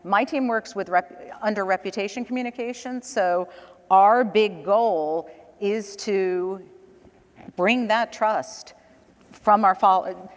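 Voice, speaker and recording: A woman of middle pitch talks through her work on a conference stage, chatty and story-driven, breaking into laughs between points. Her voice carries a long reverb from the hall around her. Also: slow pace. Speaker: panel guest, communications director. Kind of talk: conference panel conversation.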